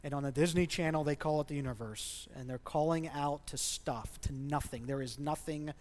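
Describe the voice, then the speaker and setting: A man's voice: on the high side, moderate pace. A male pastor in his thirties preaching a sermon with passion, pushing hard on his key points. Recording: long hall reverb.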